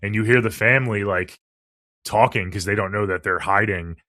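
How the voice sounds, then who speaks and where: A man's voice: fairly low pitch, moderate pace, no echo, studio quality. A man co-hosting a podcast, chatting casually and with some swearing as he reviews a film and acts out its lines. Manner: relaxed, profane, acts out quotes. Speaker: podcast co-host.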